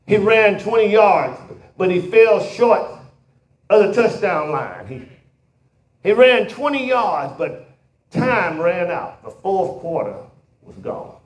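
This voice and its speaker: A pastor preaching a sermon in a church, building to shouted, emphatic peaks. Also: male voice, sits high, big pitch swings, takes it slowly. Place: church sanctuary. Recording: roomy church hall echo.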